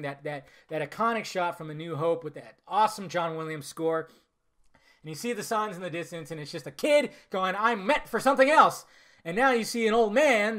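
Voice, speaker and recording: A film reviewer gives a casual, enthusiastic spoken movie review, rambling with fillers and restarting sentences. His voice is high-pitched with a fairly bright tone.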